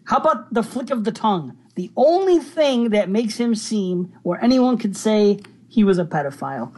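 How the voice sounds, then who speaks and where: A man's voice: high voice, lively intonation, normal speed, darkish tone. A man co-hosting a casual movie review podcast, swearing a lot and ranting with animation. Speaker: podcast co-host.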